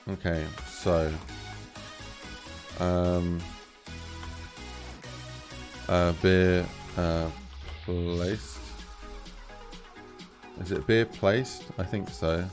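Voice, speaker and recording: A man's voice: sits low, steady tone, extremely slow, pauses often, music in the background. A young man who streams game mod development, chatting casually and rambling with lots of fillers. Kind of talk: casual live-stream chat.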